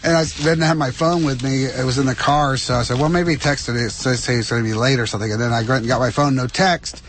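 A man's voice: mid-range voice, steady tone, quick pace, fairly bright tone, a little hiss or hum. A man hosting a tech radio show, bantering casually and joking with laughing asides. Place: radio studio.

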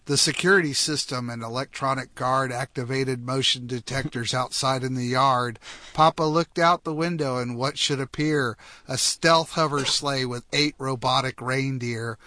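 A man with a crisp, bright voice hosts a radio call-in show from a studio. He reads a rhyming poem aloud with steady, measured rhythm. The sound is close and dry, with no room around it. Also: mid-range voice, dry recording. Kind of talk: reading a comic holiday poem aloud.

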